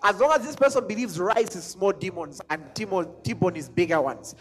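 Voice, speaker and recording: A man's voice: sits high, normal speed. A man preaching a sermon as a pastor, driving his points home with repeated questions and sometimes lifting scripture into a chant. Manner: emphatic, repeats lines, sings scripture.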